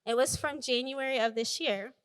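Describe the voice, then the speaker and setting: A woman's voice: high-pitched, normal speed, a bit bright, clean tone. A woman giving a chatty, heartfelt personal testimony at church. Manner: chatty and heartfelt, apologizes for talking long.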